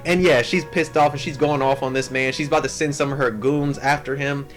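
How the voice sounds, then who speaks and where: A young man hosting an anime channel, recapping a story in a casual, slangy, animated way, full of "like" and "yo.". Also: mid-range voice, fairly quick, soft background music.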